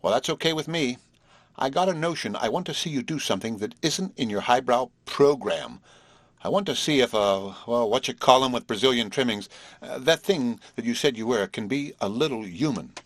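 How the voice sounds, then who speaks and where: A man's voice: medium pitch, expressive, moderate pace, dry recording, natural voice. A man voicing a brash, slangy young stage actress who teases and pushes. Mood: teasing. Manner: slangy, playful, pushy.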